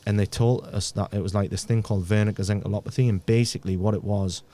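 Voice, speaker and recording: A man, a podcast guest, telling a painful personal story in a halting way, often repeating words and dropping almost to a murmur. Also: fairly low pitch, steady tone, mellow, a little hiss or hum.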